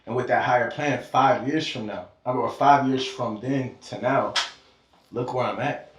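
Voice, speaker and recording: A podcast guest from Georgia speaks in an unhurried, medium-pitched male voice. In a casual heart-to-heart, he gets fervent and preachy and swears freely, recorded on a distant mic in an echoey room.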